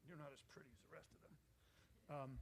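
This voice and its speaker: A man's voice: fairly high pitch, steady tone, very fast, vocal fry, breathy edge. A man telling a long, digressive story at a meetup, laughing often and losing his thread. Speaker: guest investor. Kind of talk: casual storytelling. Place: meetup room.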